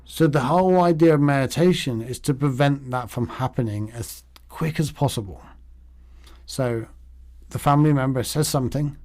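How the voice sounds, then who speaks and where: A man's voice: medium pitch, a little slow, a little mellow. A man teaching meditation in a casual, rambling way, acting out the thoughts in his head. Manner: rambling and conversational, acts out inner thoughts.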